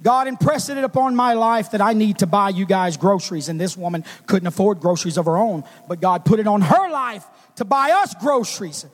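A man giving a personal testimony sermon, moving from quiet, hushed storytelling to loud, shouted praise. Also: high voice, expressive, fairly quick, few pauses, long reverb tail. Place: church sanctuary.

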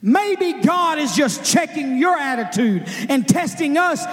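High-voiced preacher in an echoing church. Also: male voice, expressive. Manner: emphatic, swings from drawn-out words to shouted emphasis. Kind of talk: sermon.

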